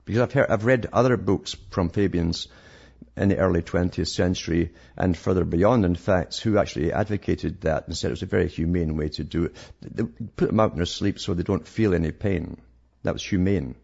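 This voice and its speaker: Gravelly deep-voiced sarcastic man. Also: a little fast, darkish tone. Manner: sarcastic, rambling with frequent restarts. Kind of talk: monologue reading news articles. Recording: dull lo-fi recording.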